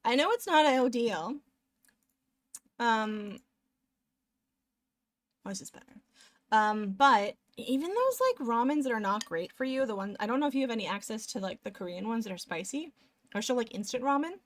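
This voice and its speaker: A woman's voice: fairly high pitch, sing-song, normal speed, long pauses. A young woman streamer chatting casually with viewers in a rambling way, eating between sentences, close to a desk microphone. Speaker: live streamer.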